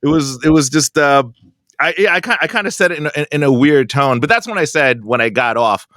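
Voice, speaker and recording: Lively, rambling, laughing man. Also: fairly high pitch, dry recording, clean studio sound. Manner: rambling, laughs often, halting restarts. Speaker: podcast co-host. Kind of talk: casual chat.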